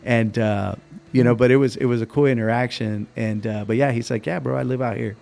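A man's voice: medium pitch, fairly even intonation, brisk, vocal fry, darkish tone. A young adult man hosting a podcast, telling stories in a laid-back way with lots of fillers, his voice cracking now and then. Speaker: podcast host. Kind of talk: casual interview chat.

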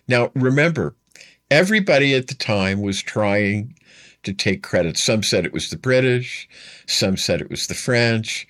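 A man's voice: mid-range voice, fairly bright tone. A man giving a storytelling history lecture. He talks to the listener directly and repeats his key points for emphasis.

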